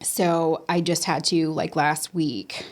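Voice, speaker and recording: A woman as a podcast guest, candidly recounting a personal story in a halting way, with many restarts and quoted self-talk. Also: low voice, fairly even intonation.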